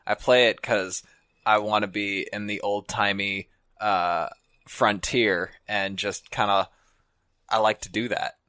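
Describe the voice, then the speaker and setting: A man's voice: lowish voice, steady tone, takes it slowly, sharp tone, no echo, studio quality. A man chatting casually on a podcast about games and whiskey, laid-back and easygoing. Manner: laid-back, puts on a drawling cowboy voice. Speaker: podcast co-host tasting whiskey. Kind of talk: casual chat.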